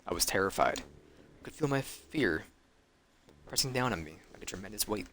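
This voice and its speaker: Low-voiced man reading a game aloud. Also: expressive, brisk, fairly bright tone, slight background noise. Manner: earnest narration with small slips and self-corrections. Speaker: streamer.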